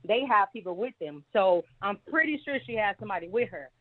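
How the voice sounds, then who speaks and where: A woman calls in to a talk show and airs her views in a rambling, opinionated way. Her medium-pitched voice is animated and brisk, heard over a tinny phone line.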